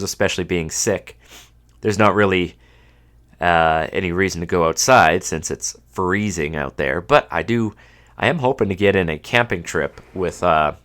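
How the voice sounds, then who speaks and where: Deep-voiced man hosting a podcast, stuffed up. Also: a bit bright, clean tone. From Canada. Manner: dry, self-mocking humor. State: stuffed up from a cold. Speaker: podcast host. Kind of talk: casual solo podcast monologue.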